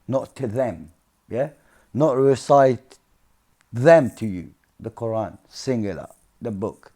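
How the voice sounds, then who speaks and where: A man's voice: medium pitch, animated, unhurried, mellow. Earnest man explaining scripture informally. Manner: earnest, keeps checking in with "yeah?" and "see?". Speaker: religious commentator.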